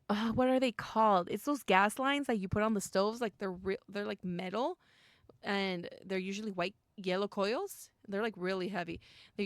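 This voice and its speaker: Excitable young woman with gravelly fry. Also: mid-range voice, no echo, studio quality. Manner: excitable, gasps and squeals at scary moments, mixes in Spanish. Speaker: streamer playing a visual novel. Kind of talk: reading game text aloud with reactions and chat.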